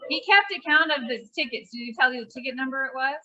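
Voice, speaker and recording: A woman's voice: sits high, expressive, quick pace, pushed and bright, muffled recording. A woman chiming in with short remarks at a casual gathering.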